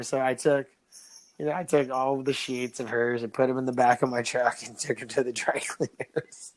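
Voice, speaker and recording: A man's voice: mid-range voice, steady tone, moderate pace, a little mellow. A young man co-hosting a casual podcast, laughing often and stumbling over repeated words as he tells stories. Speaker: podcast co-host. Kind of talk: casual chat.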